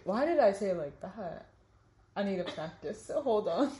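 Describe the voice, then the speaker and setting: A woman's voice: mid-range voice, lively intonation, normal speed, warm tone, roomy sound. A young woman hosting a podcast in casual chat, with a playful, dry and teasing manner. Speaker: podcast host.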